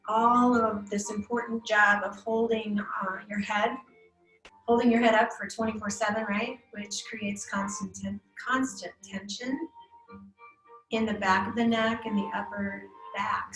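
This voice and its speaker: A woman yoga instructor leading a live chair yoga class, giving slow, soothing cues for breathing and gentle neck movement. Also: fairly high pitch. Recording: echoey room with soft music.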